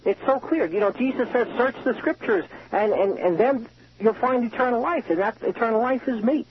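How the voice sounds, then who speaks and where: A man's voice: extremely high pitch, moderate pace, a little hiss or hum. A man calling in from a prison payphone, giving an earnest, emotional testimony with frequent restarts. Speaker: caller, prison inmate. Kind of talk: personal testimony by phone. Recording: muffled payphone line.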